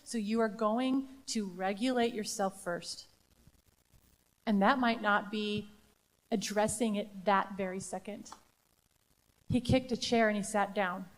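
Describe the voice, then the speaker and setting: A woman's voice: mid-range voice, steady tone, a little slow, long pauses. A woman presenting a live training to educators, talking emphatically and asking the audience rhetorical questions. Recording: long hall reverb.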